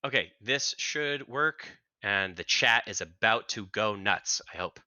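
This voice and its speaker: Male game master, animated, descriptive, bright tone, dry close sound. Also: fairly low pitch, measured pace, no room sound. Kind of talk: narrating a tabletop game.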